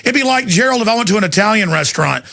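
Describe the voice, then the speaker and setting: Man, talk radio host, gravelly voice, high and tense, sarcastic rant. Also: expressive, very fast, pushed and bright, no room sound, studio quality. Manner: fired-up, sarcastic, mimics others.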